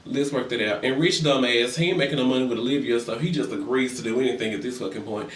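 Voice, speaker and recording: A man's voice: mid-range voice, quick pace, slight background noise. Sassy young man ranting gossip, echoey room. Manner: sassy, profane, acts out quoted voices. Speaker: vlogger recapping reality TV. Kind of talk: casual gossip rant. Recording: echoey room, far from mic.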